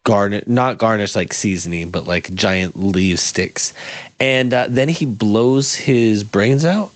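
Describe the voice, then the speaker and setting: A young man co-hosts a casual movie podcast in a low, easygoing voice. The sound is dry and close, with no room echo, and he pauses with plenty of fillers as he recalls scenes. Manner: laid-back, hesitant, many fillers. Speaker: podcast co-host. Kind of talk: casual movie review chat.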